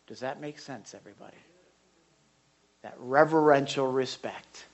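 A man, a pastor, giving a conversational sermon to a live congregation in an animated way, with big jumps in pitch and loudness. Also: normal speed, long pauses. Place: church service before a live congregation.

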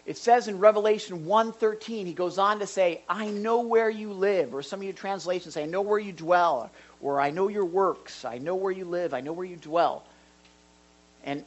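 Pastor, live sermon in a church hall, animated and excitable, chatty asides. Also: medium pitch, lo-fi sound. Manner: animated, gets excited and louder; jokey asides to the congregation.

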